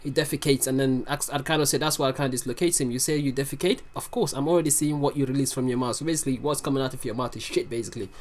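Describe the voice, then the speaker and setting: A reaction video host casually commenting on lyrics, excitable and profane, explaining the lines aloud. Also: medium pitch, racing, hardly any pauses.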